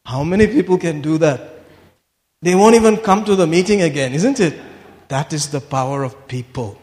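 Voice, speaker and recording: A high-pitched man preaches a sermon, swinging from low asides to shouted declarations. His voice rings with a long reverb through a large hall. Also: lively intonation, normal speed.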